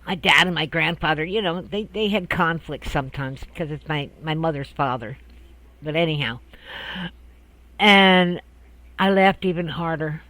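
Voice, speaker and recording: A man's voice: high-pitched, measured pace, pauses often, fairly bright tone, no room sound, poor audio. An older man telling a childhood memory in a rambling, casual way, laughing often and restarting his sentences. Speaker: storyteller. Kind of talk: casual personal storytelling.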